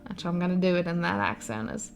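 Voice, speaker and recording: A woman's voice: on the low side, completely flat delivery, faint music behind. A young woman with an Appalachian accent, chatting casually and explaining local words. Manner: unhurried, explaining dialect words. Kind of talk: casual chat.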